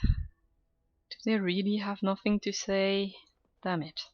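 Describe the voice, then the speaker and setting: Slow, hesitant woman streamer. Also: mid-range voice, level tone, muffled recording, soft background music. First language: French. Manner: hesitant, chatty, self-mocking, with frequent laughs. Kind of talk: casual gameplay chat.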